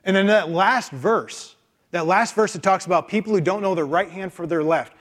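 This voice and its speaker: Man preaching, high voice, emphatic and animated, lots of rhetorical questions. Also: moderate pace. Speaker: pastor. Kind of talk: sermon.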